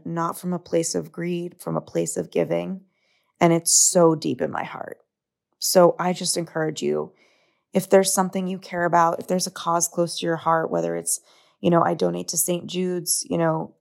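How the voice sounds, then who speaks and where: Young adult woman hosting a reflective solo podcast; low-ish, creaky voice, sincere, open delivery. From United States. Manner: earnest, open, confiding. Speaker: podcast host.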